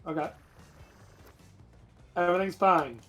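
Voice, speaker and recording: A man's voice: high voice, slow, pushed and bright, soft background music. A man racing in a live game stream, thinking aloud in an anxious, rambling way. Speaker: speedrunner competing in a bingo race. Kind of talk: live gameplay chatter.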